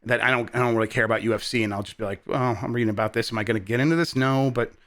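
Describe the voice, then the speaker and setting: A man co-hosting a podcast, chatting in an animated way with many hesitations. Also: mid-range voice, racing. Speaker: podcast host. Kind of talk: casual chat.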